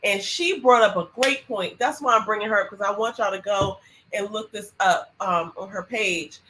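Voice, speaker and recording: A woman co-hosting a podcast in casual chat, expressive and quick to react. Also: medium pitch, noisy background. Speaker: podcast co-host.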